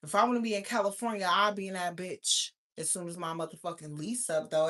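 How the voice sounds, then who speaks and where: A woman in her thirties hosting a casual livestream, talking loudly and profanely straight to her viewers, often breaking into laughter. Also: fairly low pitch, steady tone, fairly quick. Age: 30s. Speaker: livestream host. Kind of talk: casual live chat with viewers.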